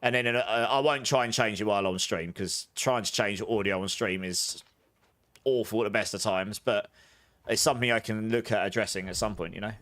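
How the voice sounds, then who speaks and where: A man streaming a game and chatting with live viewers, talking loudly with audible breaths between sentences into a high-gain desk mic. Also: a little fast. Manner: rambling, self-correcting chatter. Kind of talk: casual chat with live viewers. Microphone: desk studio mic with high gain. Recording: clear background noise.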